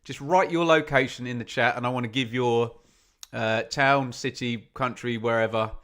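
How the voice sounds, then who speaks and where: This football fan runs a live watch-along, chatting with viewers and reading their messages aloud in a self-deprecating way. His voice is medium in pitch and fairly bright, with fairly even intonation and a moderate pace.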